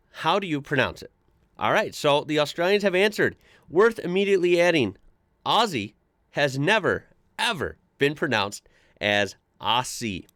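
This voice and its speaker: An American man hosting a casual reaction video, chatty and quick to laugh as he reads posts aloud. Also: mid-range voice, fairly bright tone, no echo, studio quality. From United States. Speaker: reaction channel host.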